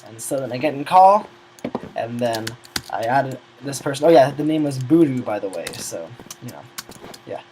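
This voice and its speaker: A man's voice: medium pitch, expressive, moderate pace, background noise. A teenage boy telling a long, rambling story about gaming friends, often losing his train of thought. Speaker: gamer recounting a server's history.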